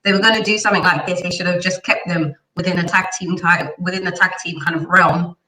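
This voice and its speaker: A woman's voice: fairly low pitch, fairly even intonation, fast, bright, forceful tone. Blunt woman, roomy distant sound. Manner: blunt, outspoken. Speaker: podcast panelist. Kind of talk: casual chat. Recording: roomy, away from the mic.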